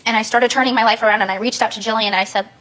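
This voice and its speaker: A young woman pours out her story on a talk show in a rushed, pleading flow. Her voice sits a little high and her words tumble out quickly. The sound is a clean studio recording. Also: fairly even intonation, fairly bright tone, poor audio. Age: young adult. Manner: rapid, pleading, emotional storytelling. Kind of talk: emotional talk show testimony.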